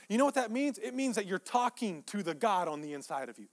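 Male pastor, high tenor, emphatic repetitive sermon delivery with soft-to-loud swings. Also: very animated, quick pace. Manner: emphatic, repeats phrases, swings between soft asides and loud peaks.

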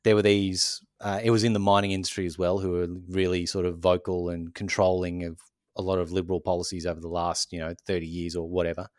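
A man co-hosting a podcast, calmly explaining things step by step with many "so essentially" fillers. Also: low voice, quick pace, no room sound, studio quality. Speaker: podcast co-host. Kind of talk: casual explanatory chat.

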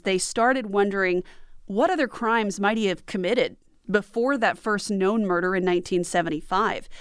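A woman's voice: medium pitch, smooth, no room sound. Woman narrating case details, dry sound. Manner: steady reading of case details. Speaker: podcast host. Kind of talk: scripted narration.

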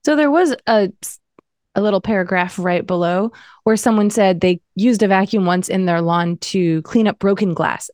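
A woman's voice: fairly low pitch, darkish tone, dry recording, clean studio sound. A woman chatting on a podcast, blunt and sardonic, swearing freely. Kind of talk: casual podcast chat.

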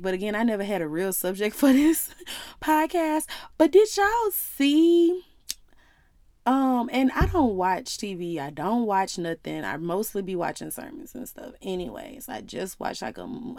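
A woman's voice: medium pitch, darkish tone, no echo. Chatty woman podcaster, dry sound. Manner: conversational, drifts into voicing God and others. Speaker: podcast host. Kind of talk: casual faith talk.

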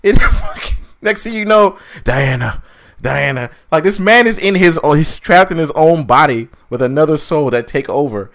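A man's voice: fairly high pitch, moderate pace, few pauses, fairly bright tone. A man co-hosting a podcast, ranting in casual chat with a lot of swearing and mocking asides. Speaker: podcast co-host reviewing a film.

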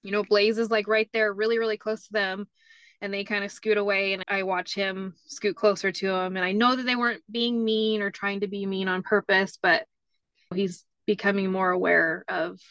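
This is a woman guest on an interview show, telling family stories in a loose, casual way. She fills her talk with "like" and "you know." Her voice sits at a middle pitch, and the sound is close and dry with no room echo. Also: little pitch movement, normal speed, fairly bright tone, clear, resonant tone. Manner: chatty, many "like" fillers. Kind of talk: casual storytelling chat.

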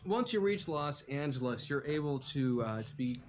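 A man narrating a tabletop game as game master, with animated narration that turns halting and full of fillers when he improvises. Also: medium pitch.

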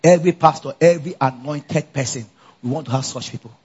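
A male pastor preaching a lively sermon at a church conference, calling out to the congregation for answers. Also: a little high, quick pace, slightly rough, lo-fi sound. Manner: animated, call-and-response with congregation.

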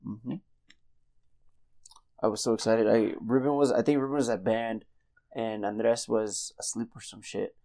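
A man's voice: lowish voice, steady tone, unhurried, gravelly, long pauses, mellow. A young man casually co-hosting a podcast, telling a rambling story and swearing freely. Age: young adult. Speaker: podcast co-host. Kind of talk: casual chat.

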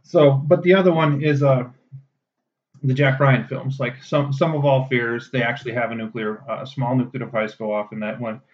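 A man's voice: mid-range voice, steady tone, moderate pace. A man co-hosting a podcast in casual chat, rambling and swearing freely with many restarts. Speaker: podcast co-host. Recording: dull lo-fi sound.

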